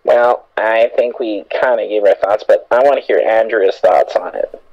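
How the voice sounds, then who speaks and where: A man with a husky voice in a playful, teasing casual group podcast chat. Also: fairly low pitch, normal speed, dry recording, muffled recording.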